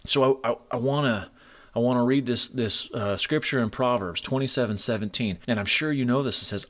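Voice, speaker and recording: A man's voice: mid-range voice, brisk. A middle-aged man preaching a sermon to men, earnest and moved, retelling stories with feeling. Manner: emotional, earnest storytelling.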